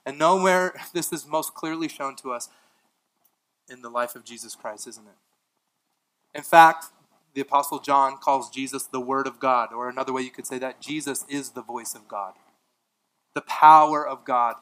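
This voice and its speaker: Bright-voiced man preaching a sermon. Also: mid-range voice, moderate pace, poor audio. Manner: dynamic preaching, swinging from emphatic to hushed; casual asides with light laughs. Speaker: pastor.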